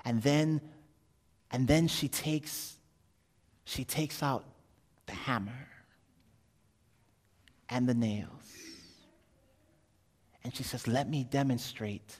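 A man preaching a sermon, telling a story that swings from loud, joking asides to hushed intensity. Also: medium pitch, extremely slow, long pauses. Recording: long hall reverb.

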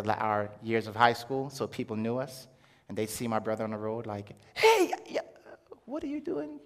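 A young adult man giving an animated testimony sermon as a preacher, acting out quoted voices as he tells his story. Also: medium pitch. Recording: long hall reverb.

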